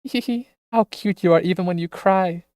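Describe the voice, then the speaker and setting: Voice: mid-range voice, normal speed, darkish tone, clean tone, dry recording, clean studio sound, pitched above the performer's own voice, lightly acted. A streamer voicing a gleeful, sadistic captor who taunts and giggles while reading game dialogue aloud. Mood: taunting.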